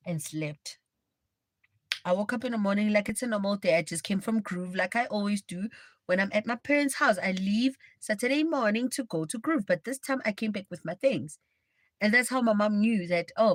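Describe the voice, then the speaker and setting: A young woman with a South African accent tells a story on her livestream in a blunt, animated way. Her voice sits at a middling pitch. The recording is dry and close. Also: dry recording. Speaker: livestream host. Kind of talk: casual storytelling.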